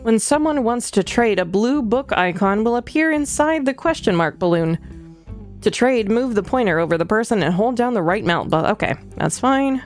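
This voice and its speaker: Woman streamer, fairly high voice, reads game text aloud over faint music. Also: animated, normal speed. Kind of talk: reading a narrative game aloud on a live stream.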